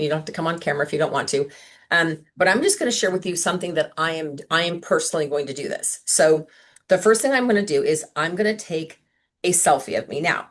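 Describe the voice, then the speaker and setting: A woman sales director giving a chatty, upbeat training talk to her team on a video call, full of asides and quick questions. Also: low-pitched. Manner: chatty, upbeat, lots of "like" and "right?". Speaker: sales director coaching consultants.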